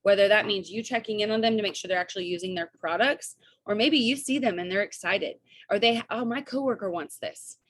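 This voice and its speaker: A woman's voice: medium pitch, a bit bright, dry recording. Young woman coaching her team on a video call, chatty, upbeat, dry close mic. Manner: chatty and upbeat, quick asides and quoted dialogue.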